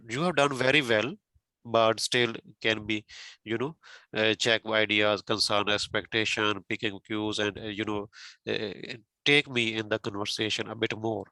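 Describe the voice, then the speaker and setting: A man's voice: on the low side, sharp tone, no echo, rough recording. A male tutor giving spoken feedback on a mock speaking exam, patiently explaining step by step and often saying "okay" and "you know".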